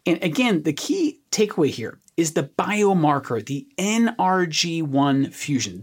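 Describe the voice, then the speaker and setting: A podcast oncologist talks through a treatment study with lots of melodic rise and fall. The voice has a husky edge, and the tone stays energetic and explanatory, full of homely comparisons. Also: medium pitch. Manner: animated, explains with everyday analogies.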